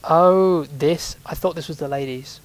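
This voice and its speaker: A man's voice: fairly high pitch, unhurried, no room sound, low-quality recording. A man giving casual let's play commentary, chatty and reacting aloud with sudden exclamations as he plays.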